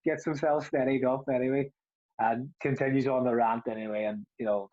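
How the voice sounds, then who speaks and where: The podcast co-host, a young former footballer, spins a rambling, casual story, laughing frequently and starting over often. His mid-range voice has a darkish tone and fairly even intonation, running a little fast, with no room sound in a dull, lo-fi recording.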